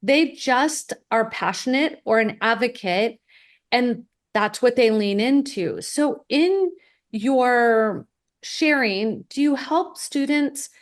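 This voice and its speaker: A woman with a slightly high, animated voice speaks at a slow pace while hosting a conversational podcast interview. A college advisor, she tells an anecdote in storytelling fashion, acting out the voices of the people she quotes.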